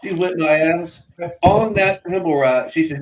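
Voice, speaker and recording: A middle-aged man spins animated stories on a casual morning show, laughing and acting out the voices of the people in them. His voice sits a bit high, and the room around him rings with echo. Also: unhurried, slight background noise. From Florida. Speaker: co-host. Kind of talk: casual storytelling chat.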